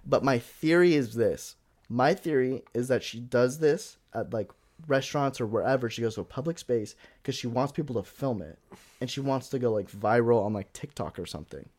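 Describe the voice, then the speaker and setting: A young man tells a story in a loose podcast chat. He leans on filler words and acts out the people he quotes with sudden loud bursts. His voice sits at an ordinary middle pitch. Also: expressive, normal speed. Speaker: podcast co-host.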